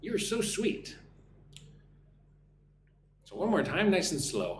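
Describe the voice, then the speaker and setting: Lively-voiced male English teacher, roomy. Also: high voice. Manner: slow, deliberate pronunciation drilling; encouraging, thanks viewers by name. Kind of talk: live-streamed English lesson. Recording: roomy echo with faint hum.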